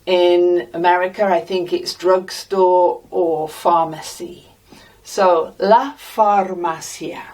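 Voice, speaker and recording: An English woman teaching a Spanish lesson, repeating each word slowly and deliberately for practice. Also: medium pitch, recorded from a distance. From England. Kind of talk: slow, deliberate language lesson.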